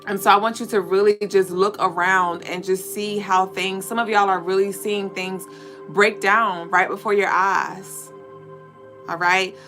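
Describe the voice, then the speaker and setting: A woman's voice: on the low side, fairly bright tone. A woman hosting a live-stream spiritual reading, speaking to her viewers directly with repeated affirmations. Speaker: spiritual reader and host.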